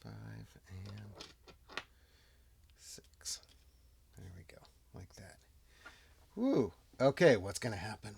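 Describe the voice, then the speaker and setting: A man narrates a solo tabletop game in a relaxed, unhurried way, thinking each move through aloud. His voice sits low and carries a gravelly fry. He often drops into quiet muttered asides to himself. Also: heavy background noise.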